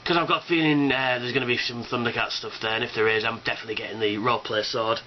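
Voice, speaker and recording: A man records a casual, rambling video response, full of ums and cheerful swearing. His voice sits at an ordinary pitch, and his delivery stays enthusiastic. The sound is dull and lo-fi, with a faint hiss behind it. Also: fairly even intonation, fast. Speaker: fan convention vlogger.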